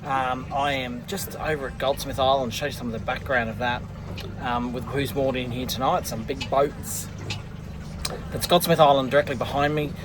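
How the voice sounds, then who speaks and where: Out on his small fishing boat, an Australian man narrates a casual vlog in a chatty, self-mocking way, rambling with fillers. His voice has medium pitch, fairly even intonation and normal speed.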